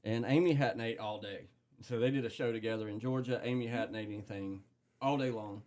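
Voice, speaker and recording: A man's voice: mid-range voice, steady tone, a little fast, darkish tone. A man, a band manager, joining a casual podcast chat and telling a rambling, informal story.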